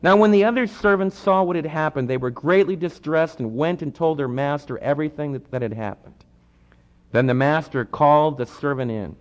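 An animated male preacher with a fairly high, lively voice that swings from hushed asides to loud pleading. He is heard in a church hall with a long reverb, on a dull, lo-fi recording. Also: normal speed. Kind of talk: sermon.

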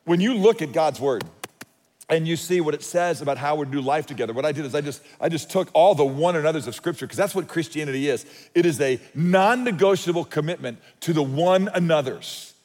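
A man's voice: on the high side, darkish tone. Man preaching in a reverberant hall. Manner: conversational storytelling with restarts. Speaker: pastor. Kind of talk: sermon. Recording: long reverb of a large hall.

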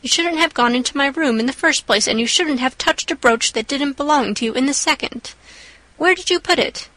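A woman's voice: sits high, brisk, pushed and bright, no room sound. A woman reading the part of a stern older woman who scolds a child.

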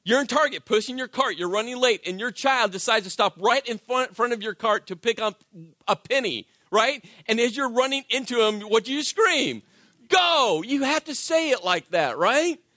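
A man preaching a sermon in church, conversational and animated, often asking the congregation "right?" and swinging from shouted emphasis to soft, intimate delivery. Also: extremely high pitch, normal speed, no room sound, studio quality. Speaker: pastor.

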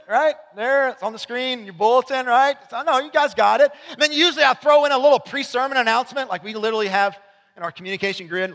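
A man preaching a sermon to his church congregation in a conversational way, dropping to quiet asides and rising to shouted emphasis. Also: very high-pitched, lively intonation, fast talker, gravelly, in a large hall. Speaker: pastor. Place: church sanctuary.

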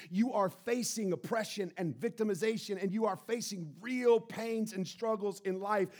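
A pastor preaching a sermon in a church, impassioned, swinging between loud and hushed. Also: male voice, sits high.

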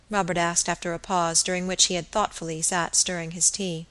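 Bright-voiced woman reading aloud. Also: fairly low pitch, fairly even intonation, fairly quick, few pauses, rough recording. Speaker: audiobook reader. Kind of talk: scripted narration.

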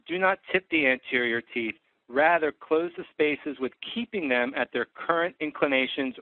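A man's voice: medium pitch, clean tone, no room sound. A man who is an orthodontist, giving a methodical clinical lecture on treatment cases, with frequent fillers. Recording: dry tinny phone-like sound.

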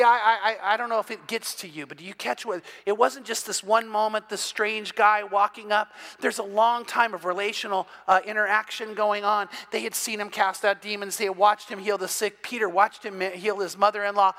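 A man preaching an evening sermon as pastor, retelling scripture in a lively storytelling way and growing loud and emphatic at key points. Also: high voice. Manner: builds from quiet to loud, emphatic.

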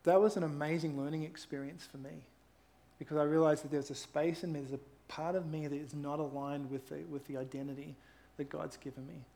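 Male pastor, middle-aged, warm storytelling sermon, voice sits a touch high. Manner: earnest, conversational storytelling with emphatic rises. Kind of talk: sermon with personal stories.

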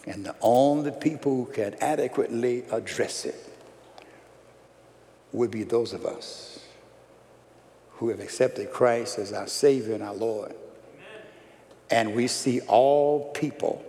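Man, pastor, gravelly, emphatic sermon delivery, long hall echo. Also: medium pitch. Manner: emphatic preaching, swells loud then drops soft.

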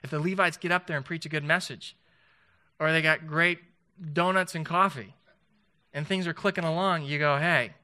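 A man's voice: on the high side, fairly even intonation, moderate pace, bright, forceful tone, smooth. A man preaching a sermon in a conversational way, asking the congregation rhetorical questions and often restarting his sentences. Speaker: pastor.

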